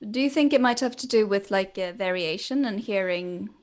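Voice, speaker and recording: A woman's voice: medium pitch, normal speed. A young woman from Sweden, a native Swedish speaker, co-hosting a casual chat in English, chatty with easy laughs and trailing restarts. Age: young adult. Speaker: podcast co-host.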